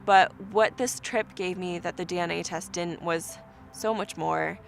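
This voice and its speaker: A woman's voice: fairly low pitch, measured pace, gravelly, faint music behind. A woman telling a personal story in an interview, acting out what people said to her. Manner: animated, acts out quoted dialogue.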